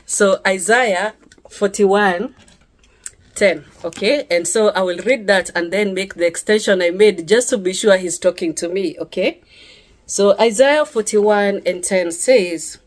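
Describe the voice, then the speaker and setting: A woman's voice: mid-range voice, measured pace. A woman gives an emotional personal testimony, speaking in an impassioned, pleading way and often ending her phrases with "yeah?".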